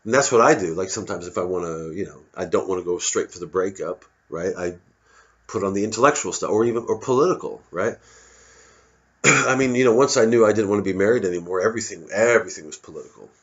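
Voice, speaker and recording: Low-voiced rambling comedian, lo-fi recording. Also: male voice, quick pace. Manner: digressive, self-interrupting, profane. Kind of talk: rambling stand-up monologue.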